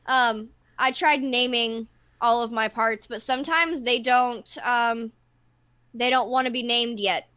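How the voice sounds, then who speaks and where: A woman's voice: fairly high pitch, fairly even intonation, a little slow, sharp tone, clean tone. A woman who works with clients, talking openly and explaining things in casual chat. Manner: open, explanatory, many fillers. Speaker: therapist.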